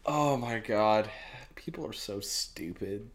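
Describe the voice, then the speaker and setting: A man chatting casually, blunt and swearing, joining in with quick jokes. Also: fairly low pitch. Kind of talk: casual podcast chat.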